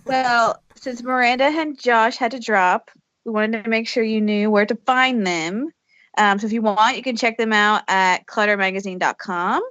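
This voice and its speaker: A woman's voice: a little high, moderate pace, fairly bright tone, no echo. A woman co-hosting a podcast, chatting in an easygoing, giggly way. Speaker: podcast co-host. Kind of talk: casual chat. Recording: dull, dry lo-fi audio.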